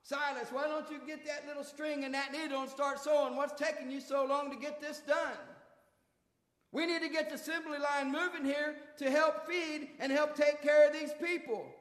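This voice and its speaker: A man's voice: very high voice, level tone, moderate pace, fairly bright tone. A man preaching as a folksy apostle. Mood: impatient. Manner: folksy, bossing his helpers around. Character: the apostle Paul, bossy then grateful older man. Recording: echoey hall with long reverb.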